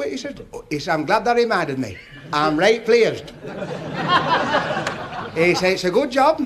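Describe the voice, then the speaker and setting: A Northern English stand-up comedian telling jokes in a chatty, folksy way. His voice sits high and swings widely in pitch as he rattles through the story. He keeps coming back to friendly dialect turns of phrase. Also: very animated, unhurried, long pauses, a little hiss or hum.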